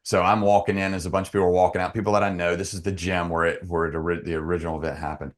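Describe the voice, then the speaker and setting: Deep-voiced male podcast guest, earnest, halting, emotional storyteller. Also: little pitch movement. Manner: earnest, halting with frequent restarts.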